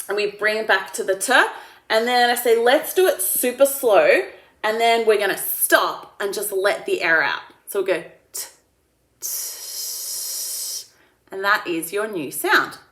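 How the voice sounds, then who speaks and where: An Australian woman speech therapist explains her method in a calm, encouraging way. She slows down to model each speech sound. Her voice carries a roomy echo. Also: medium pitch. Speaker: speech pathologist. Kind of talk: explaining therapy steps to camera.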